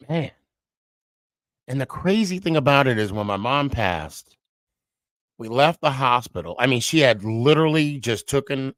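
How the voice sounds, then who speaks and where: Slow, halting man, reflective. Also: medium pitch, fairly bright tone, no room sound. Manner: halting and heartfelt, with frequent restarts and pauses. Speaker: podcast host. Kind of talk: personal reflective monologue.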